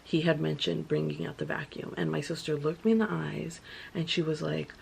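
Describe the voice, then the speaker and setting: A woman's voice: low voice, little pitch movement, a little fast, vocal fry, slight background noise. A young woman vlogger telling her story in a casual, chatty way, full of filler words.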